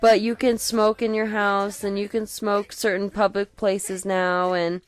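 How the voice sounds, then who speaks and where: A woman's voice: medium pitch, flat delivery, a little slow, clear, resonant tone. A young woman from Colorado, chatting loosely on a podcast, rambling and swearing freely. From Colorado, USA. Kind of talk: casual chat.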